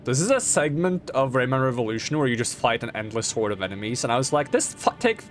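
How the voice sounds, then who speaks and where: A man's voice: mid-range voice, fast talker. Chatty young man streaming a game. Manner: rambling, chatty, laughs often. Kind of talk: casual chat while playing. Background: game music.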